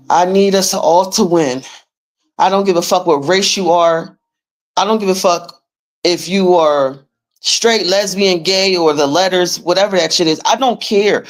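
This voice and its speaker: A woman hosting a livestream, ranting in a blunt, profane and emphatic way as she urges listeners to take charge of their money. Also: fairly low pitch. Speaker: livestream host teaching finance paperwork. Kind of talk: casual livestream rant.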